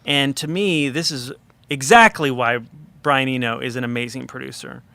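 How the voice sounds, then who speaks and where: A man with a bright, crisp voice recounts a studio anecdote as a podcast guest. He talks in a chatty, animated way, leaning on fillers and asides as he goes. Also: medium pitch, moderate pace, no echo. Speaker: record producer guest. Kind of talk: casual storytelling in a podcast interview.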